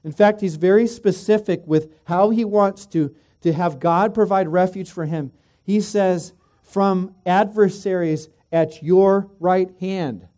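A middle-aged man, a pastor, preaching a sermon, emphatic in places and dropping to quiet, chatty asides in others. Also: sits high.

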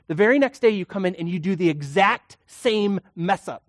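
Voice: medium pitch, brisk, hardly any pauses, dry recording, studio quality. A preacher giving a sermon in a conversational way, full of rhetorical questions and acted-out quotes.

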